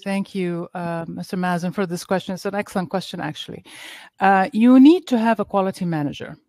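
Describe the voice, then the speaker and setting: Woman panelist on a webinar, measured explainer with many hesitations, dry close sound. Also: on the low side, mellow, no room sound. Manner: measured, explanatory, frequent "uh" fillers. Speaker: laboratory quality expert on a panel.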